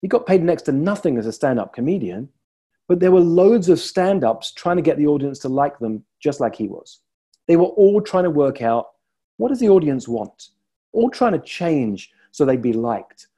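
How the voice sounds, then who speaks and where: A male coach speaks in a soft, mellow tone with a slightly husky edge. He tells stories slowly and reflectively, leaving deliberate pauses between thoughts. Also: fairly high pitch, very animated. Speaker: leadership coach. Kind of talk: motivational talk to camera.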